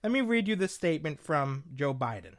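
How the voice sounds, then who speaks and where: A man's voice: a little high, sing-song, a little fast, no echo, clean studio sound. A young man hosting a political talk show, delivering combative, sarcastic commentary and calling his listeners folks.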